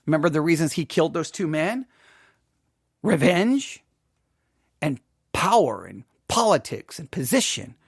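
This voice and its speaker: Man, Bible teacher, high-pitched, dry, conversational, frequent "all right?". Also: sing-song, a little slow, long pauses, husky, no room sound. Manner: conversational, repeats words, asks "all right?" often.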